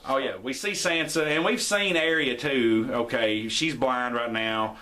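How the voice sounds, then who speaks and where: A man's voice: a little slow, sharp tone. Rambling man retelling a show. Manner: rambling, acts out quotes with shifting pitch. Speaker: podcast host. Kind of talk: casual recap chat.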